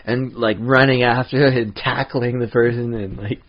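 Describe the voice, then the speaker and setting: A man's voice: mid-range voice, steady tone, normal speed, lo-fi sound. A man co-hosting a podcast, chatting casually with lots of restarts and laughter. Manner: rambling, laughs often, many restarts. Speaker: podcast co-host. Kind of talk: casual chat.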